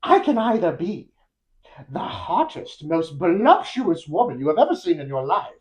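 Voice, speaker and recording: A podcast host voicing a crude, scheming old hag who is secretly a witch, shouting her bargain in a shrill voice. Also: sing-song, moderate pace, natural voice. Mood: wheedling.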